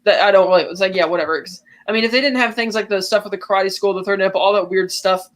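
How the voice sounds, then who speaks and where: Woman podcast host recapping a film. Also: medium pitch. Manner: animated storytelling with quick acted-out quotes.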